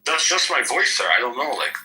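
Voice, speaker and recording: A man's voice: a little high, animated, a little fast. A man calling into a livestream, profane and complaining. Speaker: caller. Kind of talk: casual livestream chat. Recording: bright echoey call-in audio.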